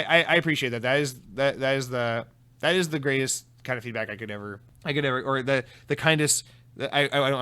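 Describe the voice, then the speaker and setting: A man's voice: medium pitch, pushed and bright. A man hosting a solo podcast, chatting casually and rambling with many restarts and repeated words, swearing now and then. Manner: casual and profane, self-deprecating. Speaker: podcast host. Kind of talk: solo podcast chat reading listener comments.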